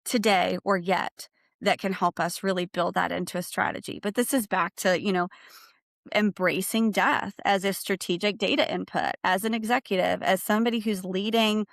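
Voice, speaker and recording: A woman's voice: mid-range voice, steady tone, normal speed, vocal fry, dry recording, clean studio sound. A woman speaking as a guest on a livestream discussion. She talks earnestly and reflectively in long, flowing sentences. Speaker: guest, bereaved parent.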